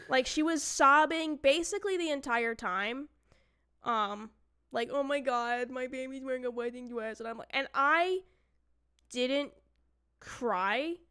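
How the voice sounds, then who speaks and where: Woman streamer, casual chat, slightly high and smooth, animated storyteller who acts out quotes.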